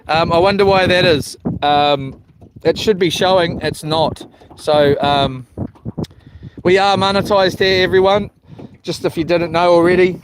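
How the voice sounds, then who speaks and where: A man's voice: high-pitched, measured pace. A New man live streaming from a small houseboat, chatting in a laid-back, rambling way, greeting viewers by name and swearing casually. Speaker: livestreaming fisherman. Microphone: phone. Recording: noisy outdoor phone live stream.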